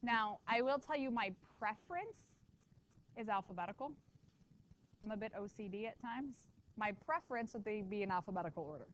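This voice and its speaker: A woman math teacher lecturing a classroom, lively and quick with asides to her students. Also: mid-range voice, dull audio.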